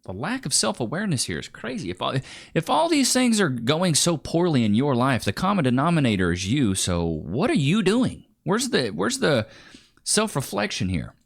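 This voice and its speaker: A man's voice: on the high side, wildly swooping pitch, normal speed, creaky, a little hiss or hum. A man hosting a reaction commentary, making mocking, wry asides in a sarcastic tone. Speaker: commentary host.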